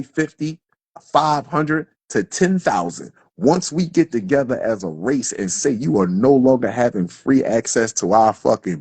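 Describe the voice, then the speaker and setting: Husky man ranting hard. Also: medium pitch, a little mellow, dry recording. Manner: heated, preachy, swears constantly. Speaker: livestream speaker. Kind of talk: impassioned profane rant. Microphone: phone on a live stream.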